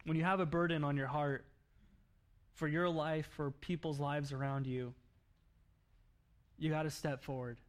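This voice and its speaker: A man preaching a sermon, telling a story in an animated way with laughs and acted-out quotes. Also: a little high, measured pace, long pauses. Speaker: pastor.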